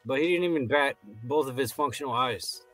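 A man's voice: medium pitch, brisk, a bit bright, soft background music. A man co-hosting a podcast, chatting loosely and swearing casually as he reacts to the episode. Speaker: podcast co-host. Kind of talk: casual recap chat.

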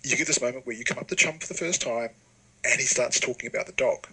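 A man's voice: medium pitch, fast talker, sharp tone, breathy edge, low-quality recording. A man explaining at length in a casual podcast chat, with many fillers. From Australia.

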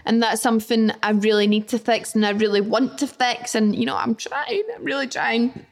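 A woman's voice: on the high side, steady tone, moderate pace. A woman with a Scottish accent hosting a solo podcast, talking candidly and self-deprecatingly, with casual swearing and lots of "like". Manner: candid, self-deprecating, acts out her own worried thoughts; swears casually, says "like" often. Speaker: podcast host.

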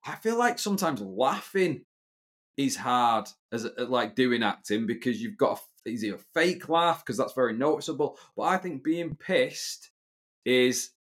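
A man's voice: mid-range voice, expressive, unhurried, fairly bright tone. Chatty British man co-hosting a podcast. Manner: chatty, opinionated, swearing freely. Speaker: podcast co-host. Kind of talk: casual chat.

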